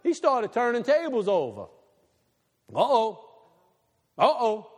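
A man preaching a sermon with a fairly high voice that swings widely up and down. His delivery is animated, loud one moment and hushed the next. His voice carries a long reverb, as if heard in a big hall. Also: slow pace. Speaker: pastor.

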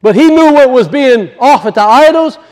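A male pastor preaching a conversational sermon, acting out little voices and dropping low for asides. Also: animated, normal speed, a little mellow.

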